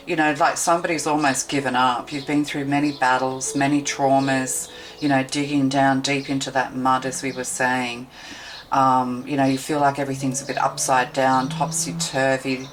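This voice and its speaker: Low-voiced woman giving a tarot reading. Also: slight background noise, rough recording. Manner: meandering, intuitive, thinking aloud with many fillers. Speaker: tarot reader. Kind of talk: tarot card reading to camera.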